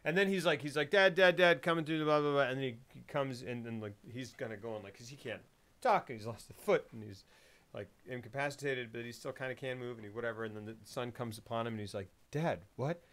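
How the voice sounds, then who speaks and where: A man with a voice of middle pitch, talking casually about a film. He retells the scenes with animation, making sound effects and acting out the characters. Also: fast. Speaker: podcast host.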